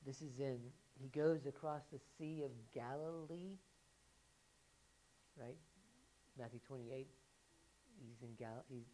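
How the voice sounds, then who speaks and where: A woman with a deep, low voice preaching a sermon. She keeps asking her listeners questions and climbs to loud, emphatic peaks before dropping back to an easy, talking tone. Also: rough recording.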